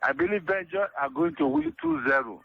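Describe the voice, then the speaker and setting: Gravelly Nigerian caller on a dull line. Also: male voice, extremely high pitch, very animated. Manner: halting, repeats words, pleading. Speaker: radio caller. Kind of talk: phone call-in.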